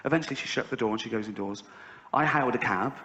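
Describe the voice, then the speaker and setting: At a quick pace, a middle-aged English comedian works a large theatre audience that laughs throughout. He narrates deadpan, then leaps into high shrieks to impersonate others. The sound is lo-fi, with the spacious hall and crowd noise audible.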